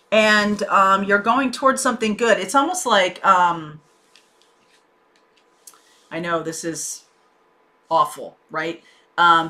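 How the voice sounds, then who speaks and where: Bright-voiced woman giving a tarot reading. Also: medium pitch. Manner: conversational and reassuring, with frequent fillers. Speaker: tarot reader.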